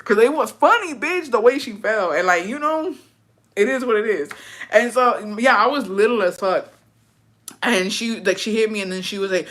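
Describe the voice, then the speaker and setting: A woman's voice: medium pitch, fairly bright tone. Blunt, profane woman telling a story. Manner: profane, blunt, slips into Spanish. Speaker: vlogger. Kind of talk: casual storytelling.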